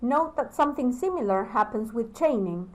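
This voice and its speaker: A woman whose first language is Spanish, giving a recorded lecture to teacher trainees. She talks slowly and deliberately, pausing between phrases. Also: on the high side, expressive, darkish tone, poor audio.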